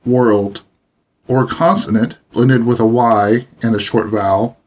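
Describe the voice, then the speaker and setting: A man reading an instructional language lesson in a measured, explanatory way. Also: medium pitch, steady tone, a little mellow. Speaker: language teacher. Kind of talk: instructional narration. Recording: dull lo-fi voice recording.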